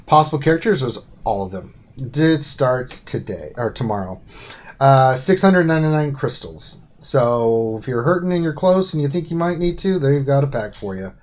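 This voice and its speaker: A man's voice: medium pitch, animated, normal speed, darkish tone. A man co-hosting a casual gaming live stream, reading update notes aloud with joking asides. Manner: reads patch notes aloud, then jokes and asides.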